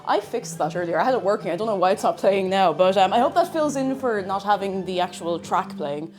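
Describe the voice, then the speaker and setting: A woman's voice: mid-range voice, expressive, brisk, a little mellow, soft background music. A young Irish woman chatting casually on her livestream, bubbly and chatty as she greets viewers and reads their messages. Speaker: streamer.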